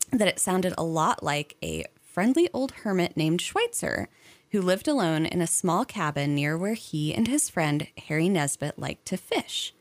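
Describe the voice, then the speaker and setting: A woman with a low, steady voice narrates a piece of local history for a podcast, reading at a measured pace with small spoken asides. The sound is dry and close, with almost no room in it. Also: no echo. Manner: measured storytelling, conversational asides. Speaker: museum historian, co-host.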